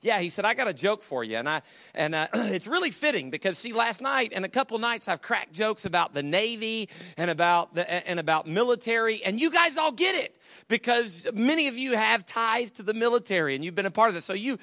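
Male preacher, high and bright-toned, folksy and joking, stumbling through restarts mid-sermon. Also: animated, fairly quick. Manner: stammering restarts, folksy humor. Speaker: pastor.

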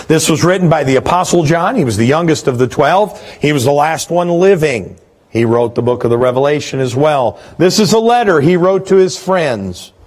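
A middle-aged man preaching from the pulpit, his voice pitched high for a man. His delivery is animated, with emphasis that climbs and drops through every line. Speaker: pastor. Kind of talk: sermon.

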